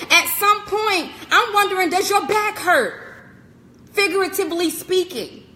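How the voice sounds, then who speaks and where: A woman's voice: extremely high pitch, lively intonation, a little slow, sharp tone, big-room sound. A woman speaker giving a live-streamed inspirational message, preaching emphatically with repetition and direct address to the listener. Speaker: motivational speaker.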